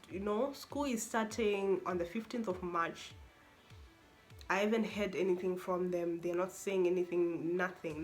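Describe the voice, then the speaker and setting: A young woman, a university student, telling an expressive, exasperated story-time vlog with lots of repetition. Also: on the low side. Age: young adult.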